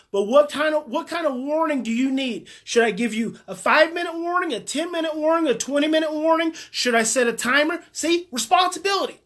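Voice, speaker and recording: Woman parenting coach, high voice, emphatic and repetitive, direct coaching talk. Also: a bit bright. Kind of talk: live parenting advice talk.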